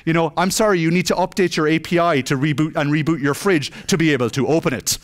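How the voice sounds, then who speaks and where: A man's voice: fairly high pitch, fast. A man giving a comic conference talk on stage, joking and acting out dialogue. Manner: joking, self-mocking, acts out dialogue. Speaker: conference speaker.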